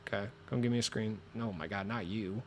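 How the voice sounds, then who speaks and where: A man streaming a basketball video game, chatting casually and excitably with viewers, cursing as he plays, with a voice a little lower than usual from being sick. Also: a little fast, slight background noise. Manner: swearing, excitable, talks to chat while playing. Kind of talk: casual gaming stream chat.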